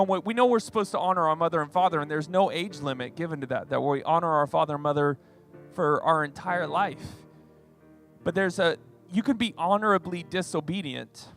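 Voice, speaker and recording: A man's voice: fairly high pitch, a bit bright. A pastor in his forties preaching a sermon in a conversational, chatty way. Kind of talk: sermon with personal story.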